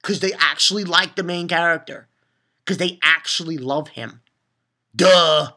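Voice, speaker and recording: A man's voice: a little high, a little slow. A man giving a casual spoken episode review, rambling and swearing as he rants in exasperation. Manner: animated, profane, exasperated ranting; rambling with restarts and filler. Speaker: anime reviewer.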